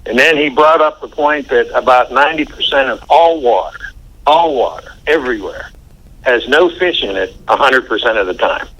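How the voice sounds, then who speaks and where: An older American man telling stories in a relaxed, folksy way during a casual interview, with plenty of fillers. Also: medium pitch, normal speed, rough recording. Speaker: interview guest.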